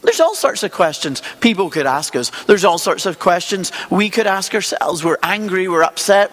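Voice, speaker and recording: A man's voice: sits high, fairly bright tone. A man preaching a sermon in a conversational way, asking the listeners many rhetorical questions. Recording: long hall reverb.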